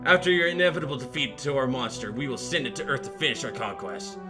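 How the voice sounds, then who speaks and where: A scheming male alien villain, which a man puts on speaks in a slow, lowered, mock-solemn voice. Loud game music plays behind him. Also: expressive, natural voice. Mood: mock-menacing.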